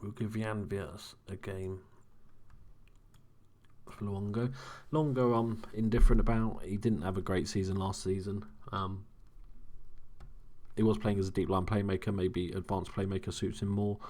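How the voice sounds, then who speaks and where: Young male gamer, very low voice, kept quiet and casual late at night. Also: steady tone, moderate pace, pauses often. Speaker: gaming commentator. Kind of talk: casual let's-play commentary.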